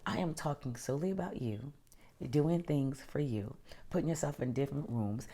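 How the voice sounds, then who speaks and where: A woman with a deep, low voice hosts a motivational self-help talk. She is emphatic and encouraging, calling the listener honey and girl. Her delivery swings between loud, punchy emphasis and soft, almost whispered asides. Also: normal speed, slightly rough. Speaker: podcast host.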